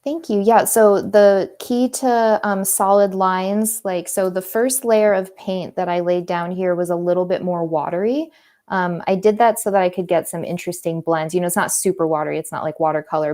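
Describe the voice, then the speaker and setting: A woman's voice: fairly low pitch, darkish tone. A woman artist and teacher chatting casually while she paints, earnest and a little preachy as she drifts into pep talks. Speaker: artist and teacher hosting a live creative stream.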